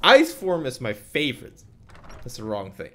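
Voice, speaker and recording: A man's voice: mid-range voice, huge pitch swings, normal speed, bright, forceful tone. A young man casually commentating a live game stream, rambling, joking and swearing freely. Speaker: gaming streamer.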